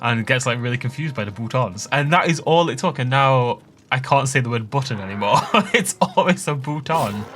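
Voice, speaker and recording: A brisk, slightly bright mid-range male voice belongs to a young adult let's play host. He chats casually during gameplay, rambling into tangents and laughing through his asides.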